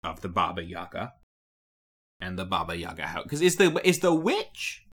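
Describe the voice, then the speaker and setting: A man co-hosting a podcast in a loose, casual chat. His pitch swoops around a lot as he rambles through his explanations. He laughs often and keeps the energy up. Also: big pitch swings, normal speed, a bit bright. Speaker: podcast co-host.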